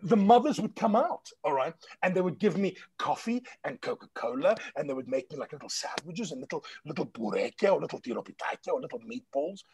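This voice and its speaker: A man's voice: a little high, a little fast, gravelly, few pauses, slight background noise. A South African man, a stage actor guest, telling stories in casual chat and acting out dialogue, swearing freely. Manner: lively raconteur, swears freely, acts out dialogue. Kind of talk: animated storytelling in casual chat.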